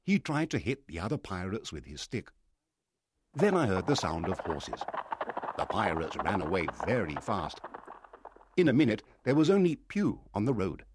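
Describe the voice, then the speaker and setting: A man narrating a storybook aloud in an expressive reading style. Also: on the low side, normal speed, noisy background. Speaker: audiobook narrator.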